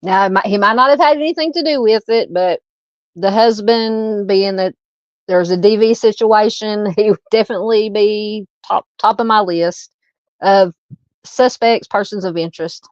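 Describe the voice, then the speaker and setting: Speaking at a medium pitch and moderate pace with no room sound, this Southern-accented woman hosts a true crime livestream. She reads out viewer comments amid casual chat peppered with ums and uhs, recorded on a dull, lo-fi, dry home mic.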